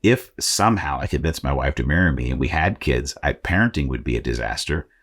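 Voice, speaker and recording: A man from Arizona with a very deep, low-pitched voice hosts a faith podcast. He talks conversationally, with frequent fillers and a self-deprecating humor. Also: animated, brisk, breathy edge. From Arizona, United States. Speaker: podcast host. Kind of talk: motivational faith podcast talk.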